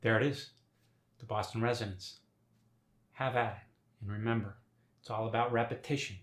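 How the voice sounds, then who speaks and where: Low-ish guy running a dialect lesson, clear and deliberate, echoey room. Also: steady tone, fairly bright tone. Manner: clear, deliberate, announces each topic. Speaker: dialect coach and host. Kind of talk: accent tutorial.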